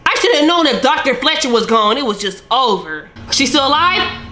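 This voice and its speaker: A young woman reacting to a movie with loud, animated commentary, often yelling at the screen. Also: sits high, moderate pace, crowd noise. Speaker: YouTuber reacting to a film. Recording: film soundtrack playing behind.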